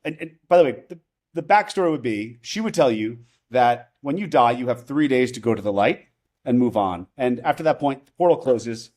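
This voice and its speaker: A man with a voice of ordinary pitch tells a personal story in relaxed podcast chat. He rambles, trips over his own restarts and keeps checking in with "right?" as he goes. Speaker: podcast guest, investor. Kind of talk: casual conversational storytelling.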